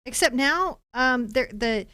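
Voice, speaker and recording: A woman's voice: sits high, slow, smooth, no room sound, clean studio sound. A middle-aged American woman hosting a live painting lesson, chatting animatedly with viewers as she works. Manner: chatty, animated, warm asides to chat viewers. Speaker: host and painting teacher.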